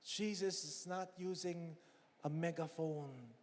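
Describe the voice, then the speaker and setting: Filipino male preacher, mid-high voice, dramatic swings from loud to hushed, long hall reverb. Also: slow pace. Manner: switches between Tagalog and English. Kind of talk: sermon. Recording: long echo in a big hall.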